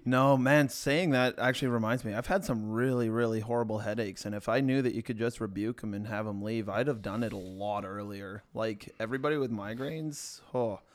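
A man's voice: fairly low pitch, brisk, hardly any pauses. Easygoing man reading listener questions. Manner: easygoing, jokey, reads listener questions aloud. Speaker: podcast co-host. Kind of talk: casual chat.

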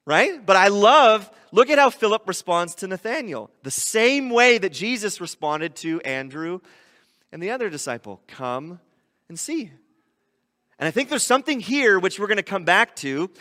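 A man preaching a sermon, animated, often acting out quoted voices. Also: high voice, moderate pace, long reverb tail. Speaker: pastor.

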